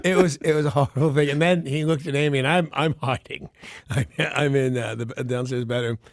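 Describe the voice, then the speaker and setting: A man's voice: medium pitch, steady tone, brisk, gravelly, no echo, studio quality. A man hosting a radio show, telling rambling stories in casual banter and laughing often.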